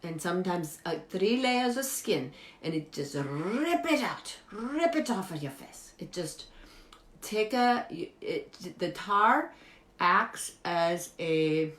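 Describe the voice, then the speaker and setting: A woman playing an eccentric woman who gives absurd beauty tips, talking earnestly and deadpan in broken English. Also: lowish voice, takes it slowly, full character voice. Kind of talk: improvised comedy character monologue. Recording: echoey room.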